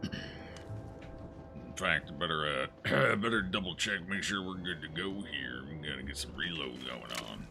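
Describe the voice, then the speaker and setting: A man's voice: a bass voice, a little slow, creaky, faint music behind. A man streaming a horror game, joking and thinking aloud as he plays. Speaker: gaming streamer. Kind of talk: casual let's-play commentary.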